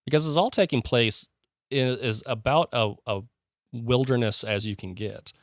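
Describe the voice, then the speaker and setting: A man's voice: medium pitch, moderate pace, no echo, studio quality. A man co-hosting a casual podcast, talking eagerly and rambling, with many fillers and restarts. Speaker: podcast co-host.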